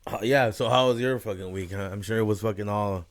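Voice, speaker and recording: A man's voice: on the low side, brisk. A young man hosting a podcast, chatting loosely, swearing often and laughing. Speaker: podcast host. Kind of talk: casual chat.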